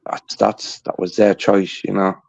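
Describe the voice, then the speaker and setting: A man in casual chat on a livestream, blunt, crude and teasing. His voice is gravelly with plenty of fry. The audio is dry and dull, like lo-fi call sound. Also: low voice, level tone, unhurried, no room sound.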